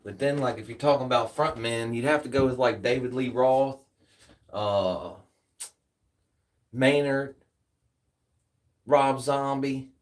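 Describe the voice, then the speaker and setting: Speaking at medium pitch, slowly and with frequent pauses, a Southern-accented streamer from the United States chats loosely with his audience after exercising. He sounds tired, uses plenty of slang, and sits well back from the mic.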